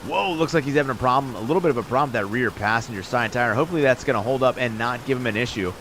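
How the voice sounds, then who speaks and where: A man streaming and giving quick, upbeat live commentary on viewer runs in a game, calling scores and turn order. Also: medium pitch, fairly bright tone, a little hiss or hum. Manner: upbeat, quick hype calls with laughs.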